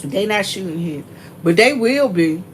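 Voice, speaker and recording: A woman with a Southern US accent, chatting to her viewers in an animated, storytelling way and laughing often. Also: mid-range voice, measured pace, a little hiss or hum, poor audio. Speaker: vlogger.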